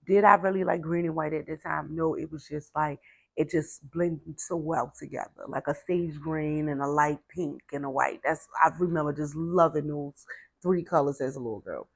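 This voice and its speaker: A woman's voice: low voice, normal speed, vocal fry, no echo. A woman casually telling a personal story from her childhood in a chatty way, full of "like" and "baby", venting her frustration. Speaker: storyteller sharing a personal testimony.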